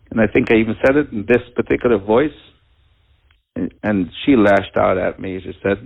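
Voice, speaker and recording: A father telling a personal story at a community talk, halting and earnest, with many pauses and restarts. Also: fairly low pitch, creaky. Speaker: father telling of his daughter. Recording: tinny, phone-like narrow sound.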